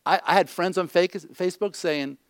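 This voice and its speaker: A middle-aged male pastor delivers a conversational sermon in a fairly high voice. He is blunt and jokes freely. He keeps checking in with his listeners. The sound is dry and close. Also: moderate pace, clean tone, dry recording. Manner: blunt, joking asides, repeats "okay?".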